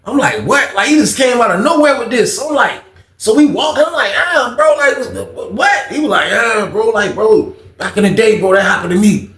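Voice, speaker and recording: A man's voice: high-pitched, normal speed. A young man telling a story from his life in a casual, slangy way, acting out the dialogue as he goes. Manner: slangy, animated retelling with quoted dialogue. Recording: roomy echo.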